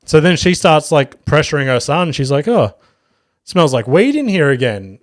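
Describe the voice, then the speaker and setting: A man's voice: fairly high pitch, normal speed, dry recording, clean studio sound. Profane Australian man telling stories. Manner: profane, animated storyteller with acted quotes. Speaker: podcast host. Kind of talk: solo podcast storytelling.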